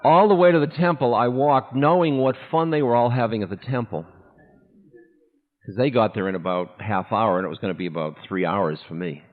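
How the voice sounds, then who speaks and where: Male spiritual teacher, candid storytelling talk with laughter; tinny lo-fi recording, long hall echo. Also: on the low side. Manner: candid, unhurried, breaks into laughter.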